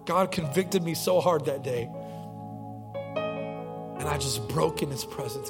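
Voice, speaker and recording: A man's voice: fairly high pitch, slow, long pauses, in a large hall, music in the background. A young man preaching a sermon as pastor, telling stories in a conversational way with frequent restarts. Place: church sanctuary.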